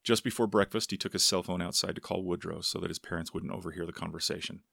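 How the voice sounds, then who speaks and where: A man narrating a story aloud in a steady, unhurried manner. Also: low-pitched, gravelly, no room sound, clean studio sound. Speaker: audiobook narrator. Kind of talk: scripted narration.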